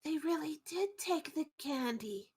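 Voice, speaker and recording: A woman voicing small, confused children in a tabletop game, speaking high and childlike. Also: big pitch swings, brisk. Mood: hushed.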